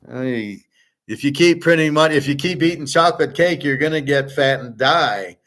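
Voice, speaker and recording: A man holds forth on his own show in a blunt, rambling monologue. He swears freely and mocks the people he disagrees with. His voice sits at an ordinary middle pitch. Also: moderate pace, a bit bright. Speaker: host. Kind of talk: opinionated monologue.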